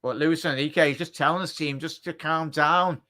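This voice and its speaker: A man calls the match live for a fan watchalong. His voice is bright and a touch high, with a clean, crisp tone. He chats and cracks jokes between plays, then shouts when a chance comes. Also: fairly quick. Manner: excitable, shouts at big chances; chatty, jokey asides. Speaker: watchalong commentator.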